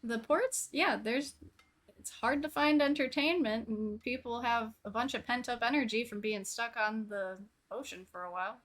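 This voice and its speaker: Female player, chatty and laughing, slightly high voice. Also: moderate pace, a bit bright. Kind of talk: casual tabletop role-play.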